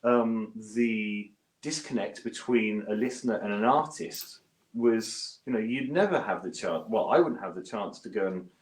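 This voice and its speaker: A British man, a guest bass player, chatting self-deprecatingly from his home studio over a video call. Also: moderate pace. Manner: chatty and self-deprecating, with lively pitch jumps. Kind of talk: casual interview chat. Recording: roomy echo.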